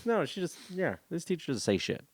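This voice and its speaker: A man's voice: on the high side, very animated, brisk, no room sound, studio quality. A man from California, a comedian and podcast guest, chatting casually with a profane, joking manner and frequent laughs. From Stockton, California, USA.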